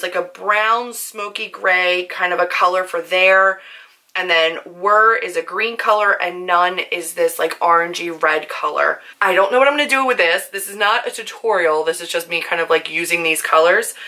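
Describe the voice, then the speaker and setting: Hoarse young woman chatting about makeup. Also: lowish voice, sharp tone. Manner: chatty, nervous, many "like" fillers. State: hoarse, voice worn from shouting. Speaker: book and beauty vlogger. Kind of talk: casual makeup chat to camera.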